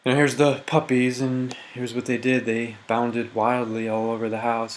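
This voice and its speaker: A man teaching a recorded grammar lesson, walking methodically through diagrams and reading example sentences slowly with emphasis. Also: mid-range voice, little pitch movement, a little hiss or hum.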